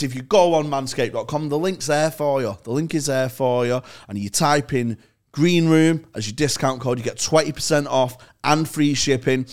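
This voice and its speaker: A man's voice: mid-range voice, moderate pace. Crude laddish male podcast co-host. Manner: swearing, laddish, jokey. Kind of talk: crude banter and ad read.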